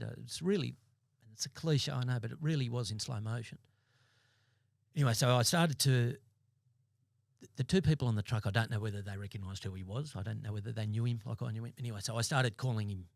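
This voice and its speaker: An Australian man in his fifties, a former police sergeant, telling his story as a podcast guest in a blunt, halting way with many restarts. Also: medium pitch, gravelly, dry recording, clean studio sound. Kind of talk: interview storytelling. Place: podcast studio.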